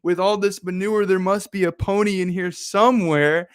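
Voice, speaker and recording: A man's voice: high-pitched, steady tone, moderate pace, clean tone, pitched above the performer's own voice, natural voice. An overjoyed teenage boy, as a man puts him on, squealing in a voice pushed far above his own. He is endlessly optimistic and bubbling over, in a storytelling bit. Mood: ecstatic. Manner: squealing, ecstatic.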